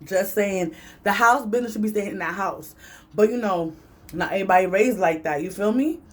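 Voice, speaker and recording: A woman telling a story in an animated, chatty vlog. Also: a little fast. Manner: animated and chatty, big swings in pitch. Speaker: vlogger.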